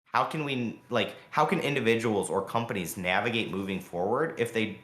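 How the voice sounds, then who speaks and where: A man co-hosting a podcast, talking fast and heatedly in a long rambling rant full of fillers. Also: on the low side, fairly bright tone, roomy sound. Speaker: podcast co-host. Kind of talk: casual podcast chat.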